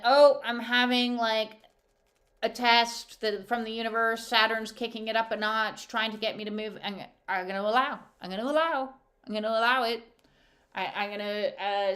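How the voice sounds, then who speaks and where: A woman's voice: fairly high pitch, sharp tone. A woman speaking as an intuitive counsellor, giving a heartfelt spiritual guidance talk with emphatic repetition.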